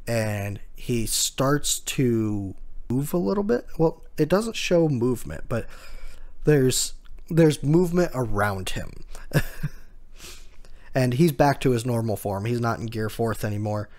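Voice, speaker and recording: A man's voice: mid-range voice, lively intonation, takes it slowly, darkish tone. A man casually recapping a comic chapter, retelling scenes loosely, quoting characters, and chuckling often. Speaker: manga chapter recap host.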